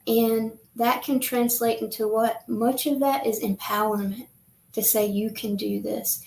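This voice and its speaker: A woman's voice: a little high, level tone, a little slow, vocal fry, darkish tone, echoey room, poor audio. A woman hosting an online panel, affirming others and reflecting on caregivers' needs. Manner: affirming, many mm-hmms, reflective. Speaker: host. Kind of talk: panel discussion. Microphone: video call.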